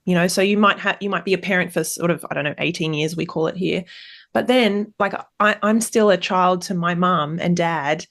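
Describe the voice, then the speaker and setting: A woman hosting a podcast, her voice a touch low. She puts her questions in a loose, conversational way, with fillers and restarts. She sounds easygoing and curious. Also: moderate pace, fairly bright tone. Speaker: podcast host. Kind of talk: podcast interview.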